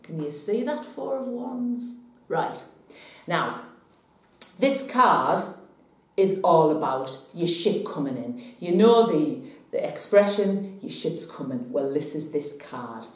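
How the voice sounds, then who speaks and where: Chatty woman, low voice. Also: slow pace. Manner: chatty, animated when retelling. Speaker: psychic vlogger. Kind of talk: casual storytelling to camera. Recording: very echoey room.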